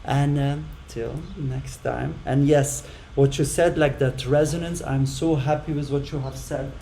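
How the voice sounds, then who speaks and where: A man talking to camera in an emotional, effusive monologue, repeating himself, blowing kisses and swinging from loud frustration to hushed thanks. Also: mid-range voice, steady tone, unhurried, creaky, a little hiss or hum. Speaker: vlogger talking to an AI chatbot.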